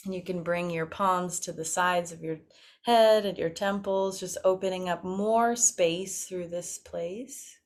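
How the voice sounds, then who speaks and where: A woman acting coach leading a playful vocal warm-up over a video call, laughing often and encouraging. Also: fairly low pitch, steady tone, takes it slowly.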